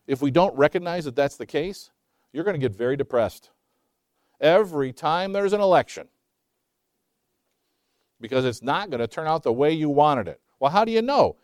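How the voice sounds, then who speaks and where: A man in his sixties preaches a sermon in a high-sitting voice, recorded with clean studio sound and no room sound. He asks rhetorical questions and swings between loud emphasis and hushed asides.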